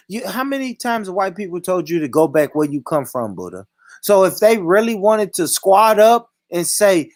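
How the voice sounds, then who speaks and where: A high-pitched man hosts a fiery online panel debate, cutting in on his guests and swearing freely. His voice is close and dry, with no room around it. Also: normal speed, no echo. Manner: animated, profane, talks over others. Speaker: stream host.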